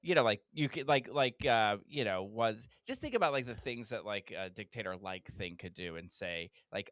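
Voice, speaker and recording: A man's voice: on the low side, lively intonation, normal speed, few pauses, fairly bright tone, dry recording, studio quality. A man co-hosting a podcast, chatting casually and explaining things with lots of fillers and restarts. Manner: chatty, hesitant with many fillers when explaining. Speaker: podcast co-host. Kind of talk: casual chat.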